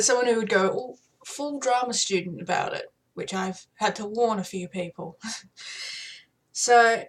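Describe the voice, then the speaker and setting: A woman's voice: mid-range voice, a little slow, breathy edge. Chatty, giggly young woman. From not American. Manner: chatty, self-deprecating, giggly. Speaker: gamer showing off voices. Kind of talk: casual chat to camera.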